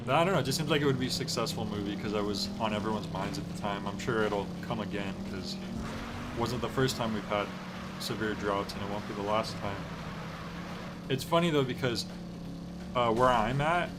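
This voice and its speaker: A man's voice: lowish voice, moderate pace, heavy background noise. A man streaming a video game, chatting in an easygoing, rambling way with lots of fillers. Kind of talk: casual gameplay commentary. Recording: game music playing behind.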